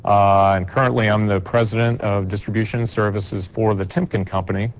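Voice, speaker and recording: A man executive introducing himself in a halting, stop-start way. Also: on the low side, fairly even intonation, slight background noise. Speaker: company executive. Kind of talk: self-introduction.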